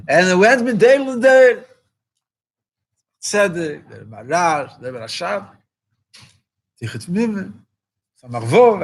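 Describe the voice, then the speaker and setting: Rabbi man at a farbrengen, highish voice, kinda husky, gets fired up and repeats himself. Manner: impassioned, repeats phrases for emphasis, rising to exclamations. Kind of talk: farbrengen talk.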